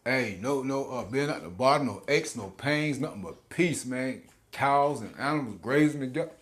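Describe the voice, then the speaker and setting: A man's voice: medium pitch, expressive, moderate pace. Laughing, slangy man preaching scripture. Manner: casual slangy preaching, laughs often, repeats words. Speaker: street preacher. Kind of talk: informal scripture teaching.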